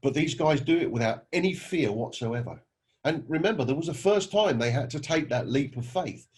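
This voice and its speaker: A man's voice: on the high side, animated, normal speed, a little mellow, slightly rough. A man giving a motivational talk, telling anecdotes and asking his listeners rhetorical questions. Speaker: network marketing recruiter.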